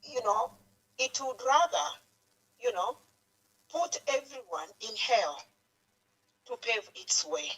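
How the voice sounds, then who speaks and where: A woman's voice: a little high, big pitch swings, takes it slowly, long pauses, fairly bright tone. A woman from Zambia with a Zambian accent, calling in to a radio talk show anonymously and speaking in a heartfelt, pleading way, repeating herself. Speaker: anonymous caller. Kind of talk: emotional call-in comment. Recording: phone line on radio.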